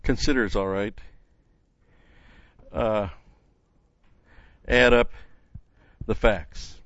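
A man's voice: lowish voice, fairly even intonation, very slow, pauses often, fairly bright tone, dry recording, lo-fi sound. A man teaching a Bible study in an earnest, emphatic way, stopping often with "uh" and restarting phrases.

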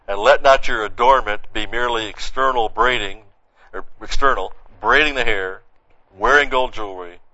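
A male preacher teaching through a Bible passage verse by verse, his lowish voice bright and sharp-edged. He keeps it conversational, tossing in "see" and "you know" as he goes. The recording is dry and dull, like an old lo-fi tape. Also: no room sound. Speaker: pastor. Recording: dull, muffled lo-fi sound.

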